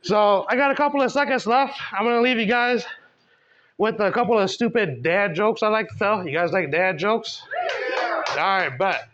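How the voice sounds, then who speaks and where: A man's voice: high voice, normal speed, fairly bright tone. A young man doing a stand-up comedy set, rambling and profane, full of filler words, recorded in a small comedy venue. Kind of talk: stand-up set at an open mic. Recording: dull lo-fi club recording.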